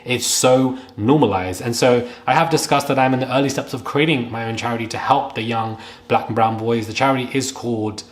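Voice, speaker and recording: A young man in his twenties talks straight to camera in an earnest, halting way, often circling back over his words. He sounds close to tears throughout. His voice sits at an ordinary middle pitch for a man. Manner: earnest, halting, repeats himself. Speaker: vlogger. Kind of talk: emotional to-camera commentary.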